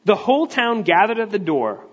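A fairly high-voiced man preaching in a big church, talking through the text in an easygoing, explanatory way and often restarting his sentences. The sound rings with long reverb from the hall and is somewhat dull and muffled. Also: very animated, normal speed. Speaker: pastor. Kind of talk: conversational sermon.

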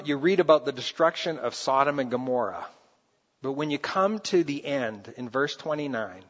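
Man preaching in an echoing hall. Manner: animated, rises high and loud for acted quotes, drops soft for scripture. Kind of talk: sermon. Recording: dull sound with long hall reverb.

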